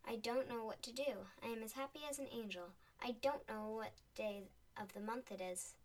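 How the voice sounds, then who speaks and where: A woman's voice: a little high, fairly even intonation, normal speed, lightly acted. A woman reading as old Scrooge, pleading and frantic. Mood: overjoyed. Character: old man Scrooge, fearful then overjoyed. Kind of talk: storybook reading. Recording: voice a bit distant from the mic.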